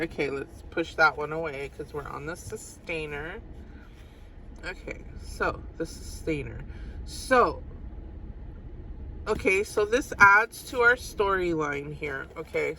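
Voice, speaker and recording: A woman's voice: on the low side, sharp tone, slight background noise, rough recording. A woman giving a casual tarot reading to her viewers, chatty and giggly, repeating phrases for emphasis. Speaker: tarot reader.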